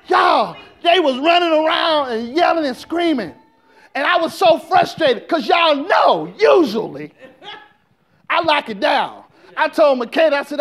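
A man. He works in call-and-response, swinging from quiet talk to full shouts. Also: very high voice, big pitch swings, measured pace. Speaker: pastor. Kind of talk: sermon.

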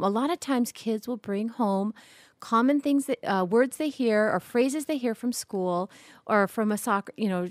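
A mother co-hosting a talk about parenting, chatty and quick to laugh. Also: mid-range voice, dry recording, studio quality. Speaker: podcast co-host, mother. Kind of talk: casual conversation on parenting.

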